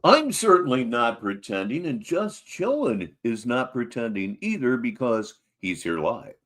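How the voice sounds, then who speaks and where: A man hosting a live stream and giving mocking, animated running commentary on clips. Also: mid-range voice, a little slow, soft background music.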